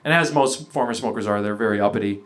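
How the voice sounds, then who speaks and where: A man's voice: lowish voice, fast, a bit bright. A man from Canada performing a stand-up comedy set, rambling and self-deprecating, bursting into voices for the people in his stories. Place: comedy venue before a live audience. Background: audience laughter.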